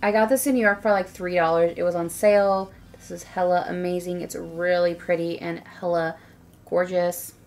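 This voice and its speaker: A woman's voice: fairly low pitch, flat delivery, normal speed, darkish tone, a little hiss or hum. A young woman chatting casually through a makeup tutorial, rambling and saying "like" a lot. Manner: chatty, rambling, says "like" often. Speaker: beauty vlogger.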